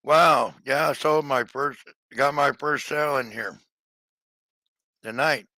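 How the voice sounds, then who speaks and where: A man's voice: medium pitch, takes it slowly, bright, forceful tone, no echo. A man chatting casually to his livestream audience, rambling with many fillers and restarts. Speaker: livestream seller.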